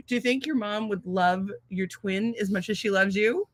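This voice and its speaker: A woman's voice: medium pitch, moderate pace, dry recording. A middle-aged woman from the area, co-hosting a casual chat and rambling through crude, giggly jokes. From Boston area. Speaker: podcast co-host.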